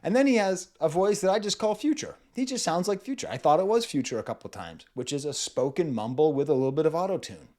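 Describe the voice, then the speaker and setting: Animated man breaking down a rapper's voices. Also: on the high side, fast talker, hardly any pauses. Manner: playful, demonstrates vocal styles, laughs often. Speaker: music reviewer. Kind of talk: casual music analysis.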